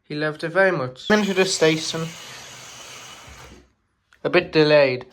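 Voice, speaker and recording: A man narrates a homemade story in a halting, informal way, stopping and restarting as he goes. His voice sits a little high. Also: fairly bright tone, a little hiss or hum. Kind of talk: amateur storytelling.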